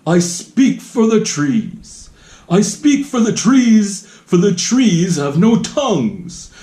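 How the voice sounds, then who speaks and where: A man reading a storybook aloud, voicing a short, old, mossy male creature with a sharp, bossy voice who shouts and scolds. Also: high-pitched, very animated, slow, pitched above the performer's own voice, exaggerated voice. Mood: indignant shouting. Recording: roomy echo.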